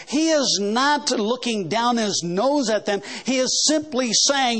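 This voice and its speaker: A man's voice: very high voice, expressive, slow pace, hardly any pauses, a bit bright. A man preaching a Baptist sermon, emphatic and often doubling words as he pushes his points. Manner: emphatic, stumbling over repeated words.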